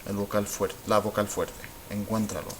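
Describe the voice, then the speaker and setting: A man's voice: lowish voice, level tone, a little fast, a bit bright, a little hiss or hum, rough recording. A man teaching a lesson at a whiteboard, explaining step by step in a patient way and stopping to correct himself. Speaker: Spanish teacher.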